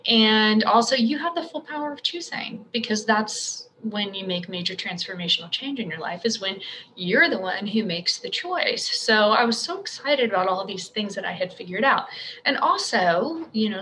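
A woman's voice: mid-range voice, expressive, moderate pace, bright, forceful tone, slight background noise, rough recording. A middle-aged woman hosting a casual solo podcast, chatty and upbeat with joking asides. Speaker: podcast host, pediatrician.

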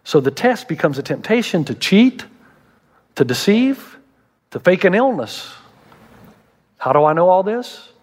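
A middle-aged man preaching a sermon as pastor, animated and humorous, often acting out the voices of the people he quotes. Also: high-pitched, measured pace, long pauses.

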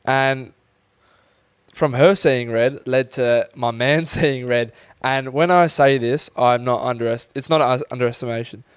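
Animated young man telling a story. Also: mid-range voice, measured pace, clear, resonant tone, no room sound, studio quality. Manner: animated, swears freely, acts out quotes. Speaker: podcast co-host. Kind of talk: casual storytelling chat.

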